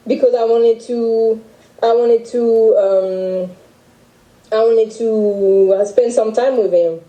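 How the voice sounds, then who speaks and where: A young French woman with a French accent, recounting a personal story in halting speech full of restarts. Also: fairly high pitch, steady tone, warm tone, echoey room, low-quality recording. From France. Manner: halting, with many restarts and fillers. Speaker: guest telling her story. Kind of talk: emotional personal account.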